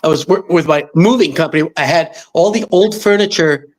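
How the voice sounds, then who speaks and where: A man's voice: a little high, a little fast. A middle-aged man from Los Angeles, a guest musician, telling stories in an interview and acting out the voices of the people he quotes. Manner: animated, acts out quoted voices. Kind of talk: storytelling in interview.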